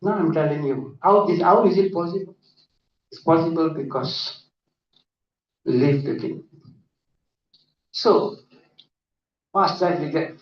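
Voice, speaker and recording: A man giving a lively conference lecture full of anecdotes, often asking "isn't it?". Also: on the high side. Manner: animated, often adds 'isn't it?'. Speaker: conference speaker. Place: conference hall. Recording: echoey hall, distant dull mic.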